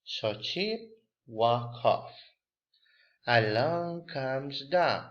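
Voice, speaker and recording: Patient, lively-voiced male English teacher. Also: mid-range voice, takes it slowly, dull audio. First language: Spanish. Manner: patient, encouraging, hesitant phrasing. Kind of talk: classroom lesson, reading a story aloud.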